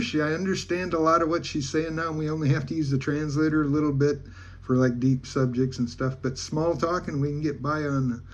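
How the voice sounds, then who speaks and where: A man's voice: mid-range voice, a little mellow. A man from Alaska, a travel vlogger, telling a rambling, folksy story in casual talk with many restarts.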